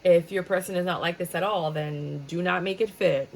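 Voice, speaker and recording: A woman's voice: lowish voice, steady tone, normal speed, gravelly, slight background noise, rough recording. Blunt, chatty woman reading tarot. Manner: blunt, chatty, swears freely. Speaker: tarot reader.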